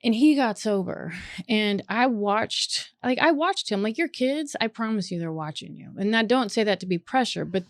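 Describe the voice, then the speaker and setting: A woman hosting a podcast in casual chat, earnest and animated, with plenty of swearing. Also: medium pitch, normal speed, hardly any pauses, no room sound, clean studio sound. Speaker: podcast host.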